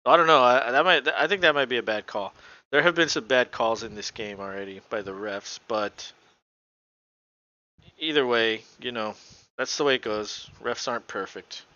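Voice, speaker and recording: A man's voice: mid-range voice, moderate pace, sharp tone, dry recording. A male podcast co-host doing casual, offhand live play-by-play commentary and swearing now and then, recorded on a dull lo-fi home mic.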